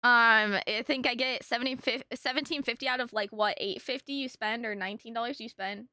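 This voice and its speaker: A woman's voice: fairly high pitch, fairly quick, sharp tone, dry recording, clean studio sound. A young woman streamer chatting casually on a live stream, gushing thanks to her viewers.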